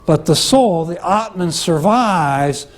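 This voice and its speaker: A male teacher giving a conversational classroom lecture, often checking in with "okay?" and "right?" and pausing on "uh". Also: sits high, lively intonation. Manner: explains with frequent "okay?" and "right?" check-ins; conversational, with many "uh" fillers and restarts.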